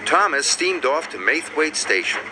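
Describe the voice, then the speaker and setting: Expressive male storybook narrator. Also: fairly high pitch, normal speed, over loud music, rough recording. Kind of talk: storybook reading.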